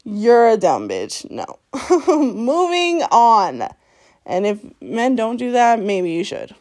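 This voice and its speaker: A woman's voice: fairly high pitch, huge pitch swings, takes it slowly, a little mellow. A woman hosting her own podcast, ranting bluntly and profanely at her listeners, scolding them and laughing between lines. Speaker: podcast host. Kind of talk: solo podcast rant.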